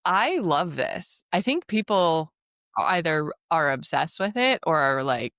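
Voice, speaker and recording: A young woman with a notably low voice chats as a podcast co-host, upbeat and quick with asides. The sound is dry and close, with no room around it. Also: big pitch swings, fairly bright tone, no echo. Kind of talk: casual chat.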